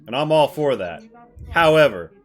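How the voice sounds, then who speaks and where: A man's voice: medium pitch, lively intonation, moderate pace, soft background music, natural voice. A man voicing a folksy, rural male soldier with a hick accent in a tabletop game, drawling and full of uhs. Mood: official. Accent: generic rural American hick. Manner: drawling, hesitant with many uhs. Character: folksy rural male soldier, self-styled sovereign patriot. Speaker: game master.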